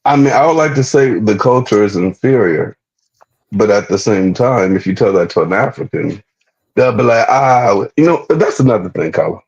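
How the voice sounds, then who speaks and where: A man with a low, husky voice talks bluntly and emphatically, full of slang. His audio comes through dull and muffled. Casual chat with a hard edge. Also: lively intonation, moderate pace, darkish tone.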